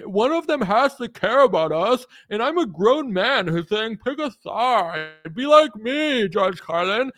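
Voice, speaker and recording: Shrill whiny partisan man, pleading, sing-song, as a man mocks him, higher than his own voice. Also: fairly bright tone, no room sound.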